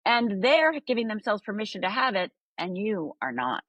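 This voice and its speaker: A woman's voice: mid-range voice, sing-song, normal speed, a bit bright, dry recording. A woman coach on a podcast interview, telling a story animatedly and often adding "right?". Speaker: life coach guest.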